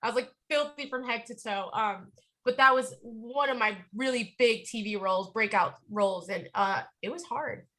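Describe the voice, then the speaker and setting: A woman's voice: on the high side, normal speed. A woman in her thirties with a New York accent, chatting as an actress guest in an interview and laughing often as she tells stories. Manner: lively, laughs often, animated storytelling. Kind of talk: casual interview chat.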